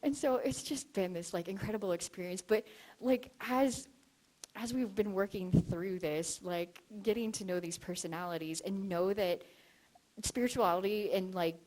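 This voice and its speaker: A woman giving a casual storytelling talk to an audience at an expo. She is chatty and giggly, fills her speech with "like", and acts out the conversations she describes. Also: mid-range voice. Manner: animated, acts out quoted exchanges. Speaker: expo speaker on spiritual dowsing.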